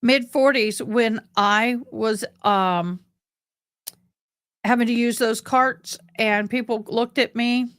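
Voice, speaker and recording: A woman's voice: fairly high pitch, fairly even intonation, slow, fairly bright tone, dry recording, clean studio sound. A middle-aged woman hosting a livestream, chatting casually with viewers and calling them honey and boo. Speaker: livestream host. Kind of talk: casual chat to live viewers.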